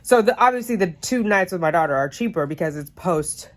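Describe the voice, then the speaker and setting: A woman's voice: fairly low pitch, animated, brisk. A woman vlogger talking casually to camera about relationships, a bit congested, chatty and rambling with asides and self-corrections. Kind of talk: casual advice chat to camera. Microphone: phone camera.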